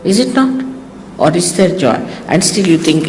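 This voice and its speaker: Older woman, Indian accent, spiritual teacher, teasing and animated delivery, lively pitch, old hall recording with faint hiss. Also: moderate pace. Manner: teasing, animated, acts out quoted exchanges. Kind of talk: informal talk to followers.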